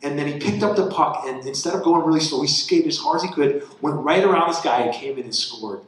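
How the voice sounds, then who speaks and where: A man's voice: fairly high pitch, fairly quick. Man preaching in a very echoey hall. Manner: conversational, voice rising with excitement in the story. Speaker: campus ministry pastor. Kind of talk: sermon with personal storytelling.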